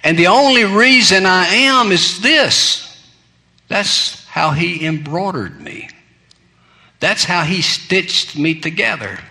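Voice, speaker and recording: A man's voice: sits high, animated, slow pace, bright, forceful tone. A male pastor telling humorous stories in a sermon, folksy and self-deprecating, laughing at his own jokes.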